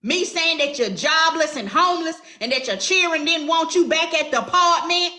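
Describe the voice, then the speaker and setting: A woman's voice: very high-pitched, normal speed, pushed and bright, reverberant. A woman with a Southern drawl, hosting a heated commentary chat in a sassy, confrontational way. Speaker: commentary show host.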